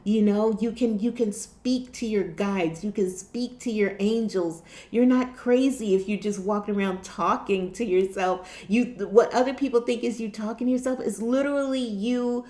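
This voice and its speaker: A woman's voice: mid-range voice, normal speed, hardly any pauses, darkish tone, reverberant. A woman vlogger talking earnestly about spiritual awakening, often repeating herself and restarting her sentences. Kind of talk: casual spiritual talk to camera.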